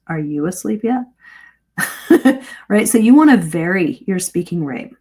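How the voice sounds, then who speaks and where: Lively woman teaching speaking skills. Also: on the low side, takes it slowly, long pauses, a little hiss or hum. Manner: lively, varies pace and emphasis to demonstrate. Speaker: English speaking coach. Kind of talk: live-stream speaking lesson.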